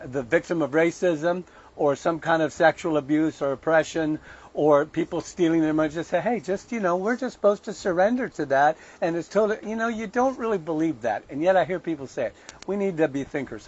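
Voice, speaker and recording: A man's voice: on the high side, brisk, a little mellow, muffled recording. A man hosting an online show, preaching in a conversational sermon style, reading scripture with emphatic asides.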